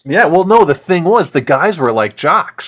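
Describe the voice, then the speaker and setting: Animated man telling a story. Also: a little high, moderate pace, lo-fi sound. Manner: animated, laughing, lots of fillers. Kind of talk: casual storytelling.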